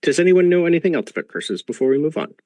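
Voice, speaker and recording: A man's voice: fairly high pitch, big pitch swings, fast, warm tone, dry recording. Man, game master, patient lecturing tone, dry close sound, video call. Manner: patient, lecturing, many ums. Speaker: game master playing a professor. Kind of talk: narrating a tabletop game over a video call.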